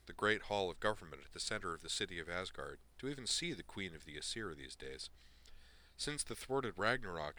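A man narrating a story at a steady, even pace in audiobook style. His voice is deep yet bright and forceful. The delivery is plain storytelling.

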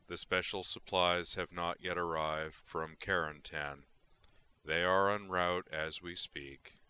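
A man doing a slow, monotone massive alien clerk. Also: sits low, clear, resonant tone, full character voice. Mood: annoyed. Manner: flat monotone, names his emotion before speaking.

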